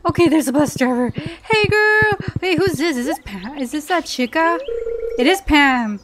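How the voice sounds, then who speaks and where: Eine Frau, die locker und aufgeregt ein Spiel kommentiert, oft nach Luft schnappt und kichert. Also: female voice, high-pitched, measured pace, poor audio. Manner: excitable, gasping and giggling often. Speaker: gaming channel host. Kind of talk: casual gameplay commentary. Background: soft game music.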